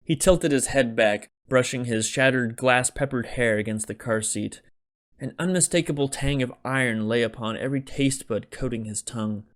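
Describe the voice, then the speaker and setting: A man, the author, narrating his own comic novel as an audiobook in a wry, deadpan delivery. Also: mid-range voice, moderate pace.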